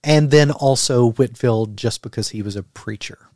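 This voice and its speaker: A man's voice: medium pitch, moderate pace, darkish tone, no echo, studio quality. A man from the United States, a guest author, speaking earnestly and thoughtfully in an interview, with frequent fillers. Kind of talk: conversational interview.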